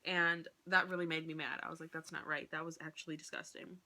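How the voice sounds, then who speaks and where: A low-pitched woman talks fast in a casual vlog book review. She retells the plot animatedly and acts out quotes, saying "like" a lot.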